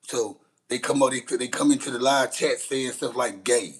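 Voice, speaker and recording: Blunt husky man ranting. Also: mid-range voice, moderate pace, poor audio. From Shreveport, Louisiana, USA. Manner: blunt, profane, rambling with restarts. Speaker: livestream host. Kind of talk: casual livestream rant.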